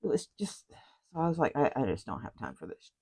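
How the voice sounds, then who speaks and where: Chatty woman with a lively, swooping voice. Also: extremely low pitch, fast, gravelly, rough recording. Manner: rambling, chatty, frequent asides and apologies. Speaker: craft vlogger. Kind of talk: casual journal flip-through chat.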